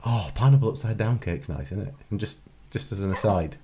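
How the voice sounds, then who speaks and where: A man's voice: fairly low pitch, animated, brisk, mellow, husky. A man co-hosting a casual podcast chat, making dry, teasing remarks. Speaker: podcast co-host.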